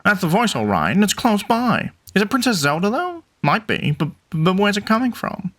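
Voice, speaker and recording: A man's voice: high voice, wildly swooping pitch, normal speed, fairly bright tone, voice pushed up, heavily acted. A man doing an eager bird reporter. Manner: upbeat, calls listener partner. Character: eager male bird reporter, friendly and jumpy.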